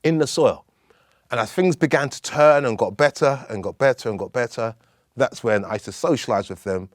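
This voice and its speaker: A man in his fifties, a guest in an interview, telling stories from his life in an animated way. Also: medium pitch, brisk, no room sound, clean studio sound. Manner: animated, acts out other people's voices as he tells stories. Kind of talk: storytelling interview.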